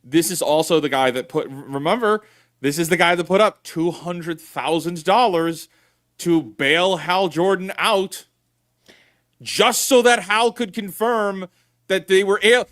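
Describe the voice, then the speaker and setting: Male podcast co-host, a bit high-pitched, sarcastic and exasperated. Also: measured pace, fairly bright tone, dry recording, clean studio sound. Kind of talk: casual review chat.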